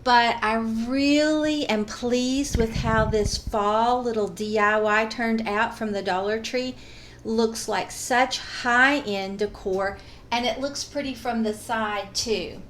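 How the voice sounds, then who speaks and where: A woman chatting casually while she shows a craft project at home, speaking warmly and rambling, recorded on a phone. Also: fairly high pitch, takes it slowly, slight background noise. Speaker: craft vlogger.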